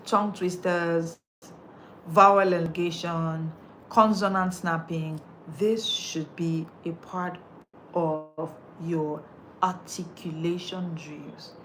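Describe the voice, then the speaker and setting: A woman's voice: lowish voice, fairly even intonation, slow, fairly bright tone, a little hiss or hum. Emphatic woman speaking coach. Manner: emphatic and repetitive, drilling points home. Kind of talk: motivational coaching talk.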